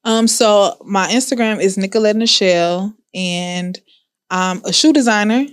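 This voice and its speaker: Laid-back Houston mom on a podcast. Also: female voice, mid-range voice, measured pace, clear, resonant tone, no room sound, clean studio sound. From Houston, Texas. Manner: laid-back, laughs easily. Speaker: podcast guest, shoe designer. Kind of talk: casual chat.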